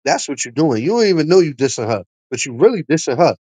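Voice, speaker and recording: Guy on a stream trash talking, kinda high voice, dry close sound, cussing nonstop. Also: very animated, quick pace, warm tone, slightly rough, no room sound, poor audio. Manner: trash-talking, profane, mocking. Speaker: livestream host. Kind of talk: heated livestream rant.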